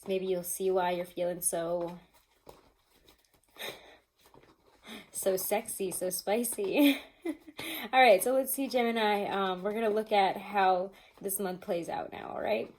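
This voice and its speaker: Woman tarot reader, casual and chatty, rambles and laughs, mid-pitched everyday voice. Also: normal speed, hardly any pauses, low-quality recording. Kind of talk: casual tarot reading to camera.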